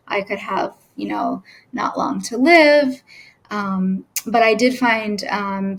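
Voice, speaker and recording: A woman in her thirties, a nurse and cancer patient, recounts her diagnosis in a halting, earnest way with many fillers and restarts, emotional at times. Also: medium pitch, creaky, poor audio. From United States. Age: 30s. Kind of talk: personal story told to camera.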